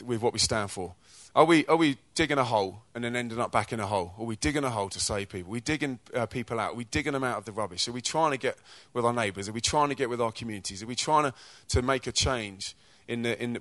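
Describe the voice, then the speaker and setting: British man, church speaker, testimony-style preaching, energetic storyteller, mid-pitched voice, dry close sound. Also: dry recording. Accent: British English. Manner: energetic, chatty storyteller who acts out quotes. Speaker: speaker at a youth church event.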